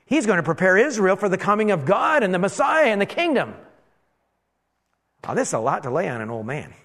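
A preacher telling a dramatic first-person sermon as an elderly priest who talks with exclamations and wry asides about himself. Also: male voice, high voice, a little fast, in a large hall, full character voice. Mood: rueful. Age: older. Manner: animated, exclaiming, self-deprecating asides. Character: elderly male priest, amazed and rueful.

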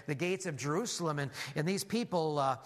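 A man preaching a sermon as a lively story, animated, with frequent restarts. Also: on the high side, brisk.

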